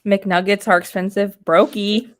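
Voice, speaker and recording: A woman's voice: mid-range voice, flat delivery, measured pace. A woman hosting a casual stream chat, reading out viewer comments. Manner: chatty, reads out viewer comments. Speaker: stream host.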